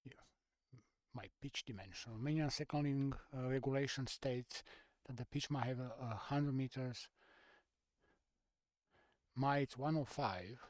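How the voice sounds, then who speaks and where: A man's voice: medium pitch, a little slow, no echo. A man streaming a game, chatting casually and half-muttering through menu choices in slightly non-native phrasing. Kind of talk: casual gameplay commentary.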